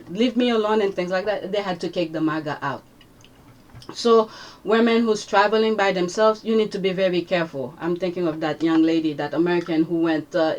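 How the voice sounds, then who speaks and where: A woman hosting a casual commentary vlog, rambling and chatty with many fillers as she reacts to social media posts. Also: medium pitch.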